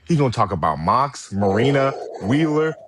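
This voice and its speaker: A man co-hosting a casual wrestling podcast, teasing and joking in quick banter. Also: mid-range voice, sing-song, noisy background. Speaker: podcast co-host.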